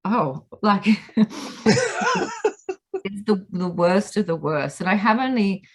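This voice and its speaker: A woman's voice: medium pitch, slow. A woman in her thirties with an Australian accent, a podcast guest chatting casually and acting out the people in her stories. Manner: animated storyteller, acts out quotes. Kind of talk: casual chat.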